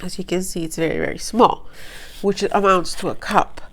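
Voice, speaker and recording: A woman's voice: fairly low pitch, fairly even intonation, normal speed, fairly bright tone. A woman in her thirties talking straight to camera in a personal vlog, earnest and impassioned, a little emotional, rambling with restarts as she makes her point. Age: 30s. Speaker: vlogger.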